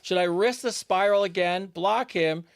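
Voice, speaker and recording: A man's voice: high voice, unhurried, creaky. A man hosting a podcast, chatting casually and reading listener questions aloud.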